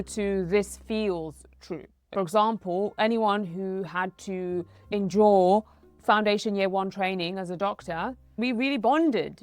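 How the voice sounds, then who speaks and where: A woman in her thirties, a doctor hosting an educational talk, explaining in a conversational way with personal anecdotes. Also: medium pitch. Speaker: doctor and host.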